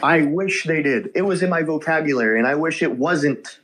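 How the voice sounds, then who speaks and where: A man streaming and chatting on a voice call, telling stories in a loose, profane, animated way. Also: a little high, moderate pace, background noise. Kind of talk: casual chat.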